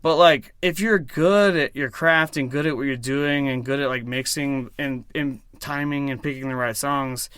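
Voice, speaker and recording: A man's voice: mid-range voice, normal speed, hardly any pauses, fairly bright tone, smooth, no echo, clean studio sound. A man who works as a DJ, talking as a podcast guest in a rambling, profane way with lots of fillers. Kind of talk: casual chat.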